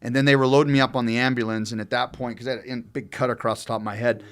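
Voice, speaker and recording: A man in middle age chats on a podcast, spinning a long, rambling tale. His talk is loose and profane, and his voice sits at an ordinary middle pitch. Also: flat delivery, racing. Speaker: podcast co-host telling a story. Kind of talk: casual storytelling chat.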